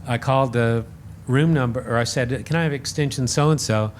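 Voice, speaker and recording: A man guest on a podcast, telling a story in a casual, animated and self-deprecating way, acting out the voices he quotes. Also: mid-range voice, normal speed, a little hiss or hum. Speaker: podcast guest, radio host.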